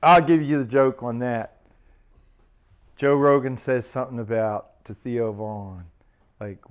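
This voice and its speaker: A man's voice: mid-range voice, measured pace, long pauses, smooth. A man hosting his channel, casually retelling funny clips and laughing at his own stories. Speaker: minister and channel host. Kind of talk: casual storytelling chat.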